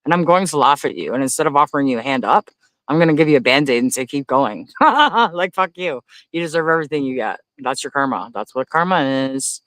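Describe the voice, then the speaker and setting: A man's voice: expressive, quick pace, no room sound. Profane ranting man. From Canada. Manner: loudly incredulous, rises to high exclaims. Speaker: livestream host. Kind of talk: casual livestream chat reading viewer comments.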